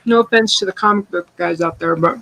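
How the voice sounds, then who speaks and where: A woman chatting casually as a guest on a live stream, jokey and quick to laugh. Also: lowish voice, vocal fry, background noise. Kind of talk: casual chat.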